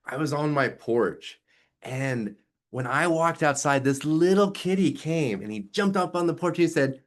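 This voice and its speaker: A man's voice: fairly high pitch, a little slow. A man in his thirties, a music teacher explaining his method in casual talk and acting out sounds with his voice. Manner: animated, demonstrates sounds with voice play.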